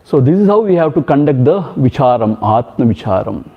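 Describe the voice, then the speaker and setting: A man's voice: mid-range voice, big pitch swings, brisk, husky. A man with an Indian English accent leads a spiritual discourse at a retreat, telling stories and driving points home with emphatic repetitions. His voice sits in a middle range. The recording is muffled and lo-fi. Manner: storytelling, emphatic repetitions, chants in Sanskrit. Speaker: swami teaching a retreat. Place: ashram hall. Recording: dull lo-fi sound.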